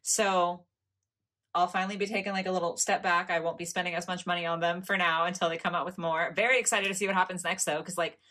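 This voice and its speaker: A young American woman talks through an unboxing in a chatty, giggly way. Her voice sits a little low in pitch but sounds bright and clear. She gushes over each piece in a casual vlog manner. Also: steady tone, fast talker. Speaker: doll collector vlogger.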